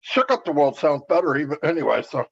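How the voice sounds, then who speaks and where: A man's voice: fairly high pitch, quick pace, vocal fry, husky. Laid-back male co-host, jokey, muffled lo-fi livestream sound. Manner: relaxed, joking. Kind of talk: livestream chat greetings. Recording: dull lo-fi stream audio.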